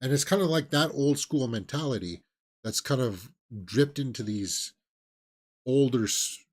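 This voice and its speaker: A man's voice: mid-range voice, unhurried. A man hosting a casual movie news stream, rambling and opinionated, with lots of fillers and restarts. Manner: sarcastic, mocking impressions of celebrities. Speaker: movie news show host. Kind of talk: casual live-stream chat.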